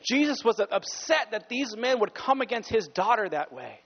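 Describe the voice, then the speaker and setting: A man's voice: sits high, big pitch swings, moderate pace, big-room sound, highs cut off. A male pastor preaching a sermon with passion, sometimes stopping to correct himself.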